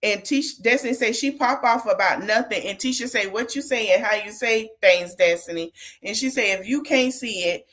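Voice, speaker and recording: A woman's voice: a little high, moderate pace, few pauses. A woman hosting a casual podcast, retelling a reality show argument and talking back to the people in it. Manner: animated, retells quotes, talks back to the people on screen. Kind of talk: casual recap chat.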